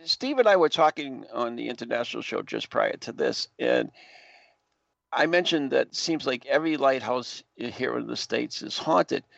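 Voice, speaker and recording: Gravelly male host, very lively pitch, casual chat, dry lo-fi audio. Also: moderate pace, dry recording. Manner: laughs often, animated interjections. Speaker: podcast host.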